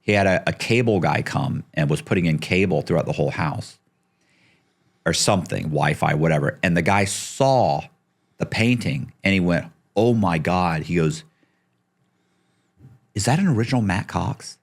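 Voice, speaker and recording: A man's voice: sits low, animated, moderate pace, creaky, breathy edge. A middle-aged man telling a story as a podcast guest, acting out the people he quotes and swearing casually.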